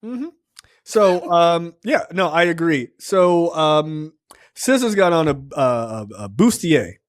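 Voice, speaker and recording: A man's voice: a little high, lively intonation, slow pace, dry recording, studio quality. A man co-hosting a film review podcast, recapping scenes in a loose, profane, casual way. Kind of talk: casual chat.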